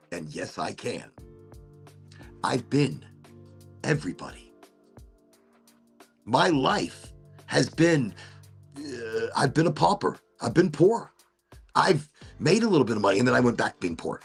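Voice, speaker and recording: A man's voice: medium pitch, very animated, measured pace, gravelly, pauses often, breathy edge, soft background music. A man hosting a podcast, musing aloud in a rambling, casual monologue and swearing now and then. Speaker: podcast host.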